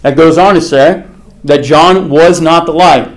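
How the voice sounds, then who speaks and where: A man's voice: on the high side, measured pace. A man teaching a casual Bible study class. He talks conversationally, poses questions to the group and answers them himself, with many fillers like "okay" and "like.".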